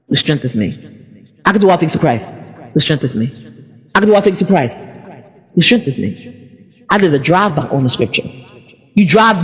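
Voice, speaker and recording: A woman preaching an informal, animated sermon that mixes personal stories with repeated phrases. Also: lowish voice. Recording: dull recording in a reverberant hall.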